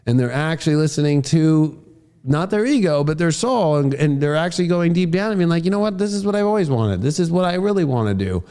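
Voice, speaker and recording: A profane, excitable man talks through a horoscope forecast. His voice sits a bit higher than most men's. He slips into quoted voices and breaks into shouts. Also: brisk, smooth. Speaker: astrologer.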